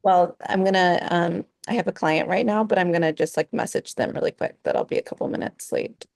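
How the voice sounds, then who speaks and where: A woman with a low, gravelly voice speaks over a video call in a dry, close sound. She talks softly and tentatively, hedging with fillers as she shares her feelings. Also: a little fast, no room sound. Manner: soft, tentative, many fillers. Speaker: session participant. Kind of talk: casual conversation on a video call.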